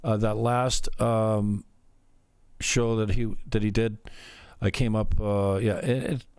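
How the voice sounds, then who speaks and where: A man hosting his own show, delivering an unscripted rambling rant, cursing often and swinging between low muttering and sharper outbursts. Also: level tone, slow, darkish tone, clean tone, no room sound. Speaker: show host. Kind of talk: unscripted ranting monologue.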